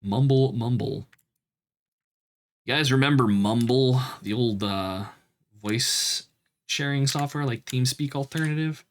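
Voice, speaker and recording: A man's voice: mid-range voice, a little slow. A man streaming a retro game, chatting casually and swearing while reading game text aloud. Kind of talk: casual let's-play commentary.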